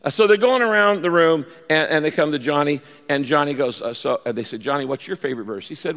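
A man delivers a sermon as pastor, lively and dramatic, slipping into pleading prayers and story voices. His voice sits a little high for a man. It rings with the long reverb of a large church hall. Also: fast, few pauses. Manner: animated preaching, acts out pleading prayers.

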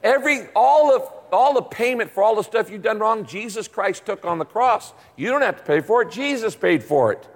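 Man preaching, high voice, very lively, animated storytelling, long hall reverb. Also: normal speed, hardly any pauses. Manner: animated, acts out voices in anecdotes. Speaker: pastor. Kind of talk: sermon.

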